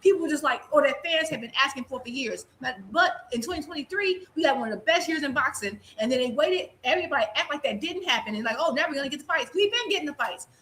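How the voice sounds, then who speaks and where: A woman's voice: sits high, animated, quick pace, few pauses, fairly bright tone, a little hiss or hum. A woman co-hosting a casual boxing panel chat, ranting emphatically and acting out quoted voices.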